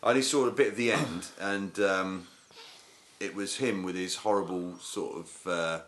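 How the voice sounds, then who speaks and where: Very deep-voiced dry man. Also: normal speed, a bit bright, slight background noise. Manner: dry, sardonic storytelling. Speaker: podcast co-host. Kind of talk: casual chat.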